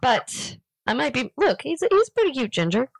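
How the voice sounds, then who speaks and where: Animated giggly woman telling stories. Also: high-pitched, a little fast, creaky, slight background noise, rough recording. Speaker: podcast co-host. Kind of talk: casual chat.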